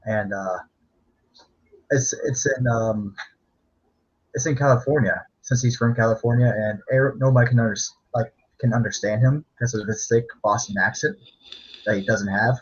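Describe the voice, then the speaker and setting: A man's voice: medium pitch, moderate pace, breathy edge. A man co-hosting a casual sports chat, telling rambling stories with fillers and laughs. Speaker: podcast co-host. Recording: dull lo-fi sound.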